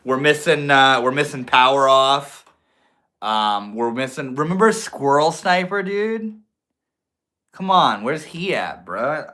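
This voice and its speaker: Bright-voiced laid-back young streamer man. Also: medium pitch. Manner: laid-back, slangy, chatty. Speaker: livestream host. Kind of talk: casual livestream chat with viewers.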